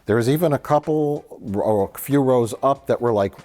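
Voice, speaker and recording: A man's voice: medium pitch, moderate pace, mellow. A man co-hosting a film review show, telling a long annoyed story in casual chat, acting out quotes and swearing freely.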